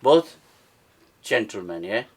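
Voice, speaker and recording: A man's voice: lowish voice, very animated, slow. A man giving an interactive teaching talk to a live audience at an event, quizzing listeners and often checking in with "yeah?". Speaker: speaker at a book launch.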